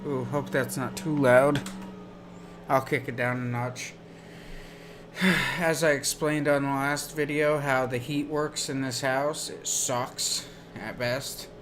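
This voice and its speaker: Man, game streamer, casual rambling anecdotes, slow unhurried pace, mid-pitched voice. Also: steady tone, a bit bright, slight background noise. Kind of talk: casual chat while gaming.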